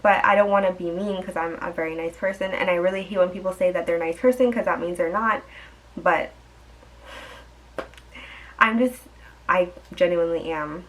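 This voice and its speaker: A woman's voice: fairly low pitch, normal speed, pauses often, low-quality recording. A young woman vlogger telling a dating story in a chatty, exasperated way, full of fillers and asides. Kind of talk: storytime vlog.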